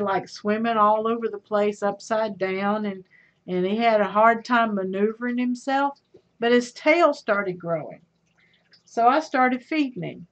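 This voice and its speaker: A middle-aged woman hosts a casual livestream, unhurried as she chats with viewers and reads out their comments. She calls them honey and sweetheart. The audio is dull and lo-fi. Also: medium pitch, fairly bright tone. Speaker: livestream host.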